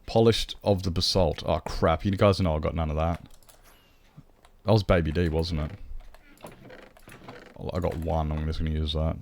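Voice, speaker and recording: A man's voice: a bass voice, fairly even intonation, normal speed, long pauses, slight background noise. An Australian man streaming a game, chatting casually and answering his chat in a rambling way.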